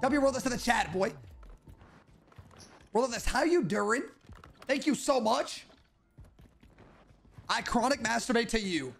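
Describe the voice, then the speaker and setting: A young man streaming a shooter game, talking brash and profane in hyped slang over loud music and gunfire. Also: very high voice, expressive, measured pace, vocal fry, long pauses. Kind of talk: gaming commentary over gameplay.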